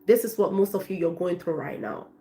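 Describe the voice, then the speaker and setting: A woman's voice: on the low side, lively intonation, fairly quick, dark tone. A woman from Africa, a life coach, chatting effusively on a live stream and thanking her viewers by name.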